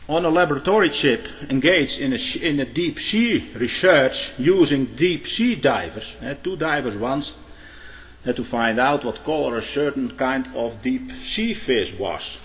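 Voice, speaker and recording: A man's voice: mid-range voice, expressive, a bit bright. Man preaching in a long-echo hall. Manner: frequent "eh?" tag questions, halting restarts. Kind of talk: sermon with illustrations.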